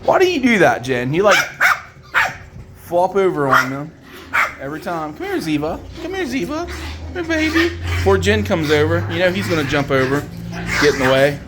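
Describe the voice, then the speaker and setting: A woman's voice: big pitch swings, normal speed, very noisy. Woman cooing baby talk at puppies. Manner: swoops into high baby talk when calling the puppies; fond, chatty, teasing the pups. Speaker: dog breeder filming her puppies. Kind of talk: casual running commentary while filming.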